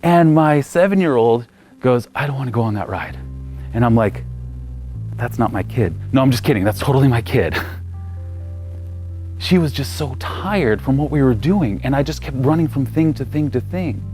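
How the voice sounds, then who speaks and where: A man in his thirties preaching a sermon as pastor, telling stories and acting out the voices, loud one moment and nearly whispering the next. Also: medium pitch, normal speed, soft background music. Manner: animated storyteller acting out voices, ranging from loud to near whisper. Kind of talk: sermon with personal storytelling.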